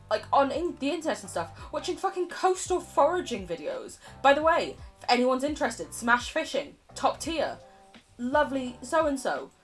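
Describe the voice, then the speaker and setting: A woman's voice: sits high, a bit bright. A woman streaming a game, chatting in a rambling, self-mocking way, laughing often and swearing casually. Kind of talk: casual live-stream chatter while playing.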